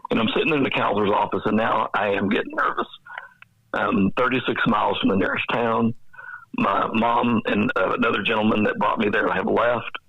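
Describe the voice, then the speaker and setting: A man in his fifties with a Texan accent recounts his childhood in an earnest, reflective way, acting out old conversations as he goes. His voice sits low and husky with a gravelly edge. The dry, dull recording has a lo-fi podcast quality. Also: a little fast, dry recording. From Dallas, Texas. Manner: earnest, reflective storyteller who acts out past dialogue. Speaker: guest, nonprofit executive director. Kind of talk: personal storytelling in a podcast interview.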